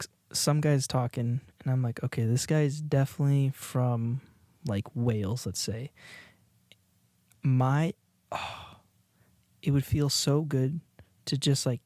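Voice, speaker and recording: A man's voice: mid-range voice, a little mellow, dry recording, studio quality. A man co-hosting a podcast, rambling in casual chat with frequent laughs and restarts. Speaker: podcast co-host. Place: indoors, watching a video while recording.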